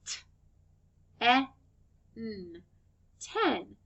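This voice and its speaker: A woman teaching young children phonics, sounding out words slowly and clearly and praising them warmly. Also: on the high side, very animated. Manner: slow, clear sound-by-sound modeling, encouraging.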